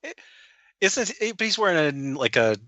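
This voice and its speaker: Lively, bright-voiced man. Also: a little high, moderate pace, dry recording. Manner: enthusiastic, lively intonation. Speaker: podcast co-host. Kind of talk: casual film discussion.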